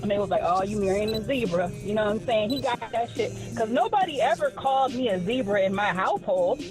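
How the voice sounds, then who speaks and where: A woman telling stories in casual chat on a live stream, profane and animated, laughing often. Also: a little high, quick pace, rough recording. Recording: music playing in background.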